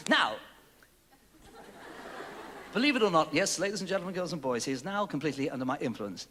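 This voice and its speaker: A male comedy host with a high, lively voice, theatrical and mock-grand as he scolds his sidekick. It was recorded in a big studio with a long reverb, faint audience and music behind. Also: a little fast, pauses often, a crowd in the background, background noise. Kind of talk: stage comedy sketch. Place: large TV studio with live audience.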